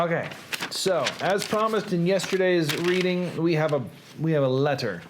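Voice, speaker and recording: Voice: medium pitch, normal speed, background noise. A host chatting casually on a live reading show, joking and reacting to viewers.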